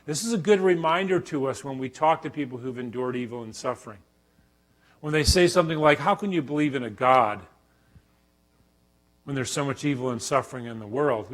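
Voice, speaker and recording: A middle-aged man, a professor, giving a Bible teaching talk at a church conference, acting out quotes with sudden loud bursts. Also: mid-range voice, normal speed.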